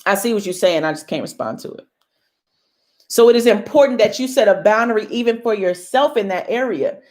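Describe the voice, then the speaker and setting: A woman's voice: mid-range voice, lively intonation, brisk, darkish tone. A young woman hosting a casual motivational talk to her viewers, emphatic and bold like a preacher. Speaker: host.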